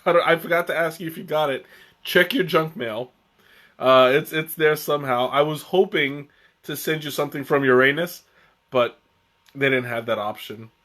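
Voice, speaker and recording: A man's voice: on the high side, normal speed, fairly bright tone. A young man hosting a live tea tasting stream, chatting casually in a rambling way with restarts and chuckles.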